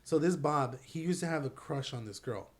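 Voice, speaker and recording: A man's voice: on the high side, animated, moderate pace. A young man telling stories in a casual chat with friends, stumbling and repeating words as he talks.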